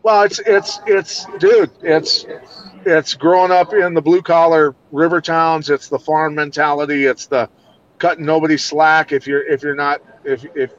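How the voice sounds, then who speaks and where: A middle-aged man from Iowa talks as a podcast guest, blunt, emphatic and freely profane. His voice sits a little high for a man. The recording sounds dull and lo-fi. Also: fairly even intonation, a little slow. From Iowa, USA. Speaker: guest, combat and law enforcement trainer. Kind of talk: casual podcast chat.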